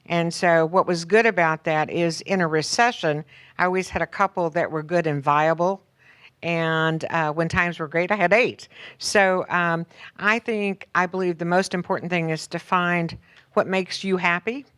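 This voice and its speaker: A woman's voice: lowish voice, steady tone, moderate pace, a bit bright, clear, resonant tone. A woman in her seventies, a panelist answering chattily and upbeat, with wry asides.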